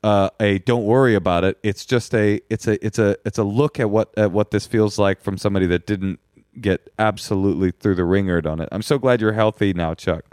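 A man's voice: lowish voice, steady tone, a little fast, darkish tone, clean tone, no room sound, clean studio sound. A man in his forties co-hosting a podcast, chatting casually and joking, rambling with many fillers and restarts. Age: 40s. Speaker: podcast co-host. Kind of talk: casual chat.

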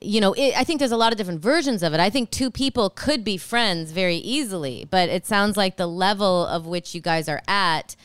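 A woman co-hosts a podcast and talks straight to a caller about her love life. Her voice is smooth and clear. It is recorded close and dry. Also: mid-range voice, lively intonation, a little fast, hardly any pauses, no echo. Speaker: podcast co-host. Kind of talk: casual advice chat.

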